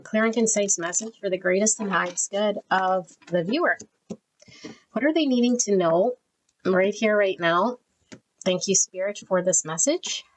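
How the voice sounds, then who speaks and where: A woman's voice: mid-range voice, normal speed, poor audio. A middle-aged woman reading tarot, gushing over each card and getting emotional as she flips through a deck. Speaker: tarot reader.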